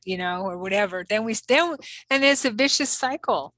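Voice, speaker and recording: A woman's voice: fairly high pitch, big pitch swings, moderate pace, fairly bright tone, dry recording. A woman co-hosting as a psychic medium, talking casually and rambling with many fillers and restarts. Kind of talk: casual spiritual chat.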